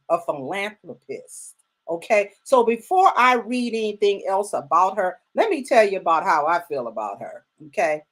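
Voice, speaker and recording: An older woman hosting her own live talk show, chatting casually and effusively, greeting viewers by name and repeating words for emphasis. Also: mid-range voice. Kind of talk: casual live-stream chat.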